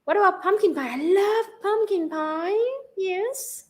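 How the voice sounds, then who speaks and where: A woman from Central Vietnam with a Vietnamese accent, hosting a casual livestream chat, bubbly and quick to laugh. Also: very high-pitched. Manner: bubbly, laughs often, reads donation questions. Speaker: livestream host.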